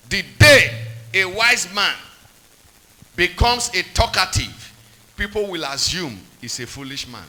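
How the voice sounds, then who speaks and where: A man's voice: a little high, sing-song, slow pace, long pauses, pushed and bright, low-quality recording. A man preaching a sermon, repeating points and quizzing the congregation with call-and-response questions.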